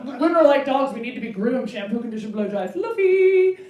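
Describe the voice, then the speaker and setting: Animated woman comic in a roomy club. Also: a little fast, lo-fi sound, a little hiss or hum. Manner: animated, acts out bits in high squealing voices. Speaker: stand-up comedian. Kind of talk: stand-up comedy set. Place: comedy club stage. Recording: roomy club with loud crowd laughter, from far off.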